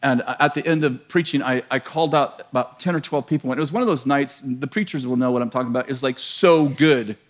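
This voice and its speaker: A middle-aged American pastor preaching a sermon to a church, telling a story with laughter and self-mocking humor. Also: male voice, mid-range voice, quick pace, few pauses. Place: large church.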